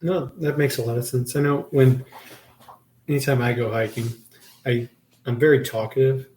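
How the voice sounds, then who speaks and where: A man's voice: mid-range voice, steady tone, moderate pace, a little mellow, roomy sound. A man from the American Midwest, hosting a podcast in an easygoing, chatty, agreeable way. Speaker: podcast host. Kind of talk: casual conversation.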